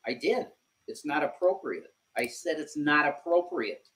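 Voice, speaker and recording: A man co-hosting a live stream, defending himself in a heated back-and-forth. He swears easily and drops "dude" and "man" into his lines. He sounds exasperated rather than loud. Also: a little high, expressive, unhurried. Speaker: streamer, co-host.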